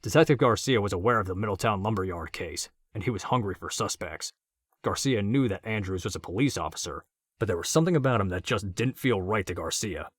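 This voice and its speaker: Guy reading a crime audiobook, steady plain delivery, dry close sound. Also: fairly low pitch, brisk, husky, dry recording. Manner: steady, matter-of-fact reading. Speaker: narrator. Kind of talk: audiobook narration.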